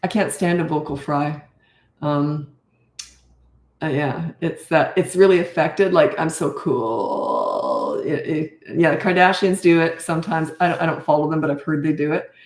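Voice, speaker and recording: A woman's voice: deep voice, fairly even intonation, moderate pace, a little mellow, echoey room. An older woman and parenting coach answering viewer questions in a frank, blunt, self-mocking way.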